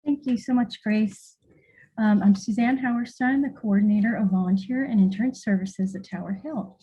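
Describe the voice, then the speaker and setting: Woman with a dark husky voice. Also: medium pitch, normal speed, rough recording. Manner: pleased, formal. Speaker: volunteer coordinator presenting an award. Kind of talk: prepared award presentation.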